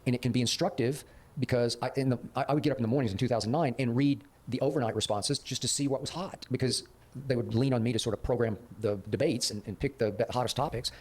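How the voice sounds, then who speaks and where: An older male guest who talks quickly, stumbling over restarts as he tells anecdotes. His voice sits at a middle pitch for a man. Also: a little mellow. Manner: fast, stammering restarts, recounting anecdotes. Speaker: guest, sports commentator. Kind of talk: casual interview storytelling.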